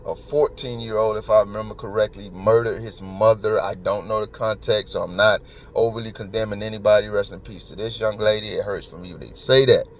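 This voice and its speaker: A man's voice: lowish voice, fairly even intonation, fairly quick, a little hiss or hum. A man hosting a podcast, talking in an emotional, emphatic and rambling way. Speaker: podcast host. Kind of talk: casual commentary.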